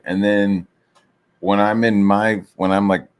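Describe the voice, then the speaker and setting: A man's voice: fairly low pitch, level tone, slow, clean tone. A man streaming while he draws, talking in a casual, rambling rant full of swearing and filler words. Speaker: streamer and comic artist.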